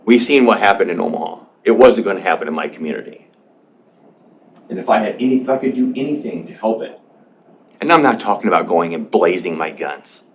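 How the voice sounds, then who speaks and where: A man speaking in public comment at a county board meeting, emotional and defensive, often repeating himself and restarting. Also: on the low side. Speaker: public commenter, veteran and business owner.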